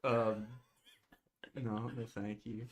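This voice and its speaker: A man's voice: lowish voice, flat delivery, very slow. A man chatting on a livestream, hesitant and stammering, shy about doing voices. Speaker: guest on an art livestream. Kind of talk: casual chat.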